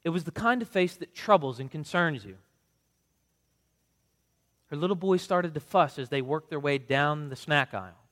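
A man, a pastor, reading scripture and praying in an earnest, measured way, then reading from a book. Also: on the high side, expressive, a bit bright, big-room sound. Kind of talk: sermon reading.

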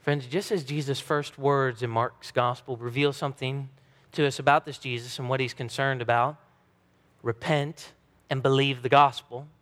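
A man's voice: medium pitch, steady tone, normal speed, fairly bright tone. A man in his thirties preaching a sermon as pastor, earnest and emphatic. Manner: earnest, emphatic preaching with dramatic quoted voices. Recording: long reverb of a large hall.

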